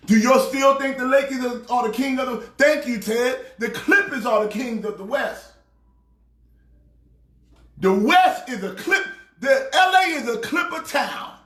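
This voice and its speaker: A man playing a loud, excitable pastor ranting about sports teams. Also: extremely high pitch, unhurried, roomy sound, exaggerated voice. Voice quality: preachy, shouting rant. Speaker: comedic sports pastor character. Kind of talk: comedic sports rant.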